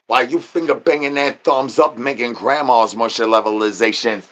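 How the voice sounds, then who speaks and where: A man's voice: medium pitch, fairly bright tone. Man with a mid-range voice for an absurd comic rant, rambling sing-song nonsense with doubled words. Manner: drawn-out chanted catchphrases.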